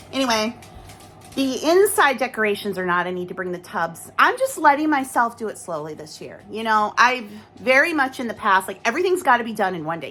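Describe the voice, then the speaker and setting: A bright-toned woman vlogging from her home, with a faint hiss under her voice. She chats casually to her viewers, rambling along and poking fun at herself. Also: medium pitch. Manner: chatty, rambling, self-deprecating. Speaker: lifestyle vlogger. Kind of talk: casual chat to camera.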